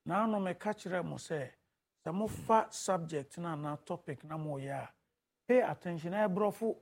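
A man's voice: on the high side, normal speed, gravelly. A man with a Ghanaian accent giving an emphatic, lecturing critique as a judge.

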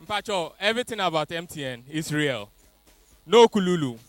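A man's voice: fairly high pitch, animated, normal speed, dry recording, faint music behind. A man who won a promotion prize, giving brief grateful answers. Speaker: prize winner.

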